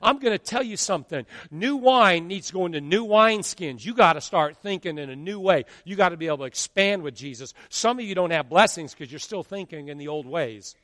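Man in his fifties, pastor, animated sermon, slightly high voice, long hall reverb. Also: a little fast, hardly any pauses, clean studio sound. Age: 50s. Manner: animated preaching with acted-out quotes.

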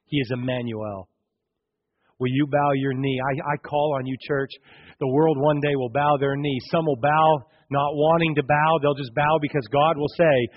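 A man preaching a sermon as pastor, dramatic, swinging between loud and hushed. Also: fairly high pitch, fairly even intonation, normal speed, pauses often, highs cut off.

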